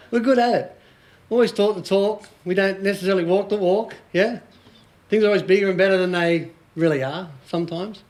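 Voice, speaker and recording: Australian man, 40s, motivational speaker, high voice, jokey storyteller, laughs a lot. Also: normal speed, darkish tone. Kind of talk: live talk to a small audience.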